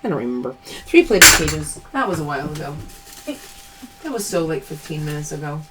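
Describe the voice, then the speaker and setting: A woman's voice: low-pitched, big pitch swings, a little fast, very noisy. A woman hosting a live-stream sale, chatting casually, calling out games and thanking viewers by name. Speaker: host of a live pearl-opening sales stream.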